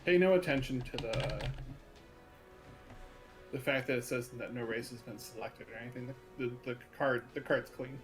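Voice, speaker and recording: A man with a mid-pitched voice talking in a dry, matter-of-fact way during a streamed tabletop game. Faint music plays behind him. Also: normal speed. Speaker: player. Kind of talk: casual banter.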